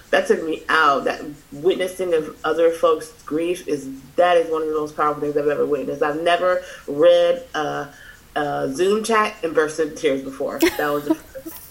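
A woman moderating a question session on a video call, emotional and halting as she speaks. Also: deep voice, fairly bright tone, low-quality recording. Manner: emotional, halting, many restarts. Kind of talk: hosting a Q&A.

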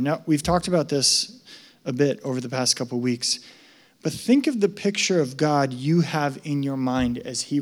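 A male pastor preaching a sermon in a conversational, emphatic way that rises to loud excitement. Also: mid-range voice.

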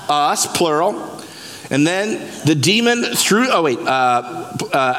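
Pastor guy preaching hard, kinda high voice, big church hall echo. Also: takes it slowly. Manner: animated preaching, breaks scripture down word by word. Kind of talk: sermon. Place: church sanctuary. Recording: long reverb of a church hall.

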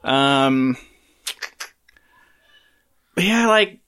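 A man's voice: medium pitch, expressive, drawn-out words, fairly bright tone, clean tone. A laid-back man co-hosting a casual movie podcast. He answers in short, dry lines and lets his friend carry the jokes. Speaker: podcast co-host. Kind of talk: casual chat.

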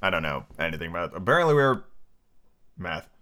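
A man's voice: sits low, big pitch swings, quick pace, bright, forceful tone. A drunk, tired man hosting a solo podcast, rambling and swearing casually between book readings. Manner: rambling, profane, full of fillers. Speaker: podcast host.

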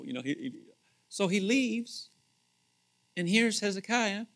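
With a high voice and a measured pace, a man delivers a sermon as a pastor, keeping it animated and conversational. He often repeats himself, shifting from forceful, loud points to quiet asides.

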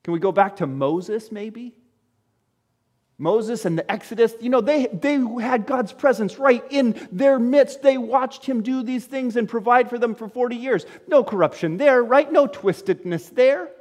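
Animated high-voiced preacher in reverberant hall. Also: male voice, unhurried. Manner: animated, rhetorical questions, shifts between loud exclamations and low quiet asides. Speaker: pastor. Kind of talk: sermon.

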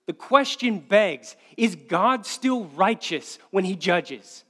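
A male pastor preaching a sermon, earnest and repeating key phrases for emphasis, often slowing to a quiet stress. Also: high voice, expressive.

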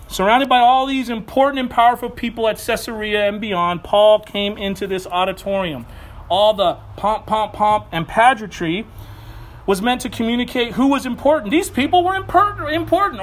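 High-voiced man preaching a casual sermon. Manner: conversational and playful, with asides and laughs. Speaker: pastor.

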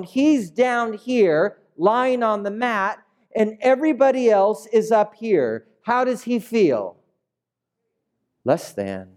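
A man's voice: high voice, a little mellow. A man preaching a sermon in a conversational way that builds to emphatic peaks. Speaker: pastor.

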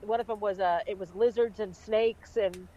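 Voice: mid-range voice, fairly even intonation, moderate pace, warm tone, highs cut off. A co-host of a podcast, chatting casually and easily amused. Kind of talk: casual chat.

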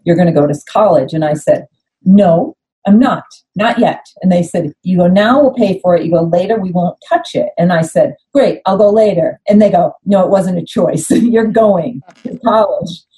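A woman's voice: lowish voice, normal speed, rough recording. A middle-aged American woman, a former athlete, telling stories in a casual interview and acting out quoted dialogue. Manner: animated, acts out quoted dialogue. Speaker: podcast guest, former Olympic skier.

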